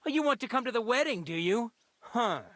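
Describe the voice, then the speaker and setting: A taunting village lout. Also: male voice, very high-pitched, lively intonation, brisk, a bit bright. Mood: mocking. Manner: taunting, sarcastic. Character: mocking brash young male villager.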